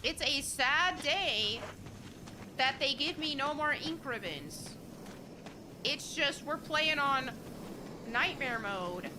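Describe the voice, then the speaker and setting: A woman's voice: sits high, lively intonation, takes it slowly, pauses often, background noise. A woman streaming a horror game, chatting casually and getting exasperated with the game as she talks to her chat. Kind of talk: casual let's-play commentary.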